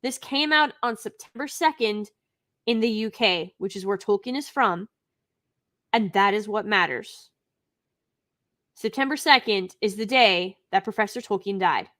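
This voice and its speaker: A woman's voice: mid-range voice, lively intonation, unhurried, a bit bright. A woman hosting a live stream, giving an unscripted review in an indignant, emphatic way, with sighs and restarts.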